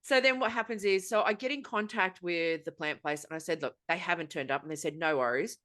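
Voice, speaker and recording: A woman's voice: lowish voice, brisk, fairly bright tone. A woman with an Australian accent hosting a casual podcast chat, telling a long story in an exasperated, sweary way. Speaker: podcast host.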